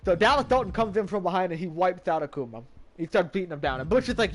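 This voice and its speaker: Male streamer, high and animated, chatty and rambling, casual swearing. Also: fast talker. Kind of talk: casual game story recap.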